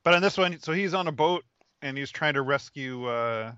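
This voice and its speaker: A man's voice: a little high, lively intonation, moderate pace, pushed and bright, smooth, no room sound, highs cut off. A man co-hosting a podcast, talking casually about comics in an easygoing, chuckling way. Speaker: podcast co-host.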